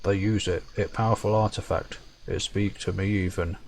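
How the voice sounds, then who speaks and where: A man voicing a male Fomorian creature who speaks slowly in broken grammar. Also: low-pitched, fairly even intonation, creaky, a little mellow, a little hiss or hum. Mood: grim.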